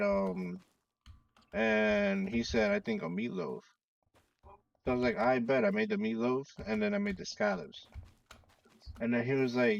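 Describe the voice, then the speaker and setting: A man telling a story in casual chat, animated and acting out the quoted lines. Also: high-pitched, normal speed, creaky, recorded from a distance, dull audio. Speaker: storyteller among friends.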